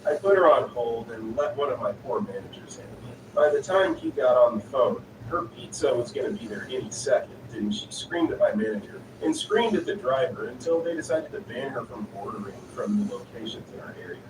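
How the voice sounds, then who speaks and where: A man reading online stories aloud in an even, unhurried narrating style. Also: mid-range voice. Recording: echoey, distant voice with noisy ambience.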